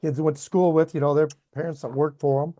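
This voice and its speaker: A man's voice: a little high, flat delivery, fast talker, mellow, no room sound. A man in casual chat, reminiscing in a folksy way with many fillers.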